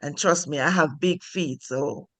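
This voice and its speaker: A woman's voice: sits low, measured pace, fairly bright tone, dry recording. A woman with a Jamaican accent, a guest on a talk show, telling a personal story in a reflective way. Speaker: podcast guest. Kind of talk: casual storytelling.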